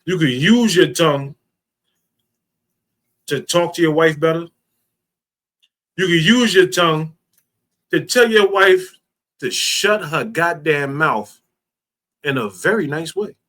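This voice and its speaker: Bright, emphatic man leading a talk. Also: a little high, slow, pauses often. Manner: emphatic, repeats key phrases. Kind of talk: informal teaching talk.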